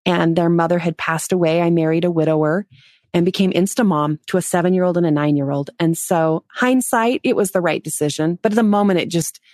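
A woman in her forties, a podcast guest, telling a personal story in an animated way, acting out quotes and laughing. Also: fairly low pitch, fairly quick, no echo, clean studio sound. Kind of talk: storytelling interview.

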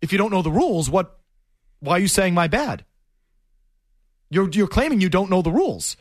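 A middle-aged man on a sports talk show drives his argument home again and again. His voice sits high and moves in wide swings. The sound is close and dry. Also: animated, moderate pace, no echo. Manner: emphatic, repetitive, argumentative.

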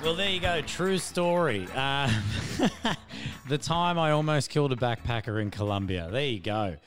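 An Australian man hosting a podcast, talking casually to listeners in a relaxed, halting way with many fillers. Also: medium pitch, music in the background. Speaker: podcast host.

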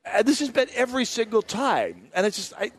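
A man's voice: very high-pitched, sing-song, fairly quick. A man hosting a live talk radio show from an outdoor state fair booth, telling stories in a chatty way with many restarts and asides. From Minnesota. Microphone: broadcast mic with headphones.

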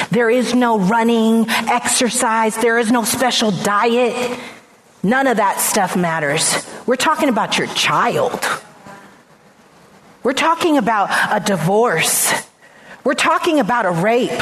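High-voiced woman preaching earnestly. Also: fairly bright tone. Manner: earnest, emphatic preaching with repeated phrases; frequent restarts and stammered repeats. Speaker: pastor and radio host. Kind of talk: radio sermon message.

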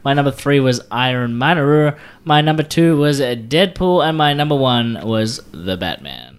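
A man's voice: medium pitch, expressive, unhurried, smooth. A man co-hosting a casual podcast, playful as he reads out the show's plugs. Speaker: podcast co-host.

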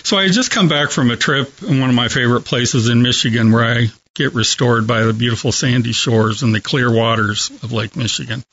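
A hospice chaplain, a man, telling earnest, measured stories as a guest on a talk show. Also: medium pitch. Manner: gentle, earnest, measured storytelling. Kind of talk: storytelling in a talk show interview. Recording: dull lo-fi broadcast audio.

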